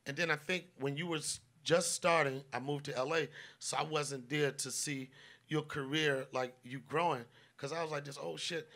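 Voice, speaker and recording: A man's voice: fairly high pitch, steady tone, normal speed, a bit bright. A man hosting a live comedy podcast, talking casually and profanely, acting out quotes and interrupting himself. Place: live audience show.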